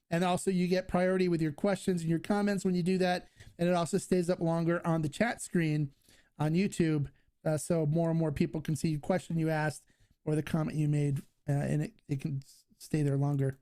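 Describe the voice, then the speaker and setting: A man's voice: high-pitched, a little mellow. A man hosting a live-stream question and answer session, talking casually and enthusiastically with frequent fillers and restarts. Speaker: host.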